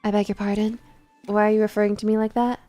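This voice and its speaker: Woman playing a stern nun, deadpan, measured, cool, lower and quieter. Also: soft background music, lightly acted, poor audio. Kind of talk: voice acting a game's dialogue on stream.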